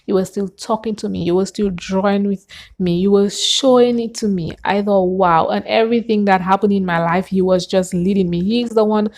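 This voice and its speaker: Woman, earnest testimony, animated storytelling, mid-pitched voice. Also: fairly quick. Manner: earnest and animated, with gasps and acted-out quotes. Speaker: vlogger sharing her faith testimony.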